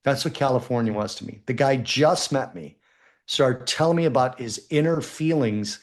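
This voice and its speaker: A man spinning a lively anecdote in casual podcast talk, salty and animated, slipping into quoted voices as he goes. His voice sits at an ordinary middle pitch for a man. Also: normal speed. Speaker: podcast guest. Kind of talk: casual storytelling.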